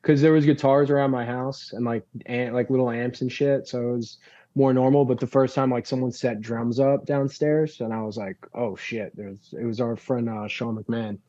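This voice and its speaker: A man's voice: medium pitch, steady tone, normal speed, dark tone, lo-fi sound. A man from Long Island, a band frontman as a guest, telling rambling stories in a casual chat, full of fillers and swearing. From Long Island, New York. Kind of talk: casual podcast conversation.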